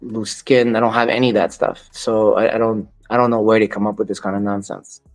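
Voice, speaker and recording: A man's voice: on the low side, little pitch movement, brisk, soft background music. A man as an interview guest, a dog breeder, talking bluntly and quoting others as he tells his stories. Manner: blunt, dismissive of critics, quotes others in dialogue. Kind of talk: storytelling interview.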